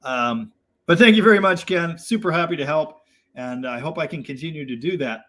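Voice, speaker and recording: A man's voice: fairly high pitch, fairly quick, a bit bright. A young man hosting a casual live chat, reading viewer comments and rambling in a self-deprecating way with lots of fillers.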